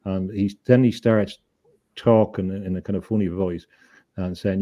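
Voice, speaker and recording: A man, a guest on an interview show, telling a story in an earnest, halting way, often repeating words as he thinks. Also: deep voice, flat delivery, muffled recording. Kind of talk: conversational storytelling.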